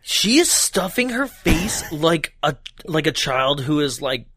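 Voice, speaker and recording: Male podcast co-host; animated, dry recording, breaks into silly character voices. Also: on the high side, slow, slightly rough, no room sound. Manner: laughs often, acts out characters in exaggerated voices. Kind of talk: casual movie recap chat.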